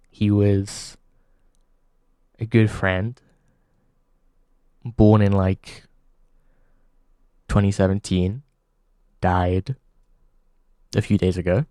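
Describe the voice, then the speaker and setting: A man hosting a comedy show, delivering a halting deadpan monologue full of pauses. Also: on the low side, clear, resonant tone, dry recording, studio quality.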